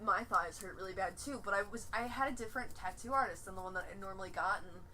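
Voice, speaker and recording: Young woman guest on a podcast, rambles and cuts herself off, crude jokes, bright voice. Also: mid-range voice, fast, slight background noise. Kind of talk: casual chat.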